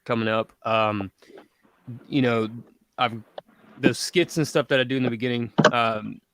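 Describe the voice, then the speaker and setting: A man's voice: mid-range voice, fairly even intonation, a little slow, fairly bright tone, a little hiss or hum. A man chatting casually as a guest on a live stream, jokey and talkative. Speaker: guest reviewer.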